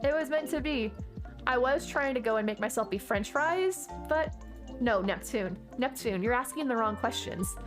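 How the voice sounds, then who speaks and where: Bubbly chatty woman streamer, high voice. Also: expressive, moderate pace, over music. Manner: bubbly, chatty, gasps and exclaims often. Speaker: live streamer. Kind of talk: casual gaming stream chat.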